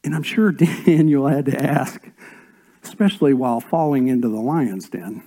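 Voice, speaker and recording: A pastor preaching a sermon, rising to loud emphatic lines and dropping to near-whispered asides. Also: male voice, medium pitch, normal speed, breathy edge. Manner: swings between raised emphatic lines and soft whispered asides.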